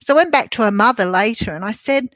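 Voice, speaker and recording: A woman's voice: a little high, animated, fast, fairly bright tone, no echo. An older woman with an Australian accent, a tarot reader and medium chatting casually on a live stream from a room at home. She rambles, with many ums and restarts.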